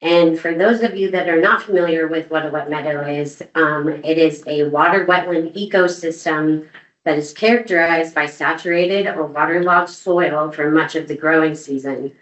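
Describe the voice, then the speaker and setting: A woman giving a public comment at a meeting, congested and gravelly, speaking carefully and a little nervously. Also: low voice, fairly even intonation, normal speed, a bit bright. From United States. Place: council chamber. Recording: dull, roomy meeting audio from far off.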